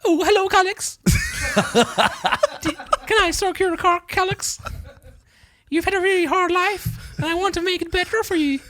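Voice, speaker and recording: A man doing a flirty falsetto Swedish woman. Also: fairly even intonation, normal speed, long pauses, sharp tone.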